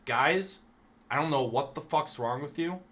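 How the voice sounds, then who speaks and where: A man's voice: on the high side, unhurried, pushed and bright. A man streaming live, ranking things in a casual, profane, mock-outraged rant.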